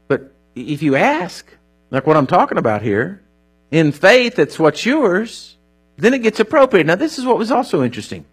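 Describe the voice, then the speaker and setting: A man preaching a sermon in a conversational, animated way, acting out little quoted exchanges as he teaches. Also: a little high, breathy edge.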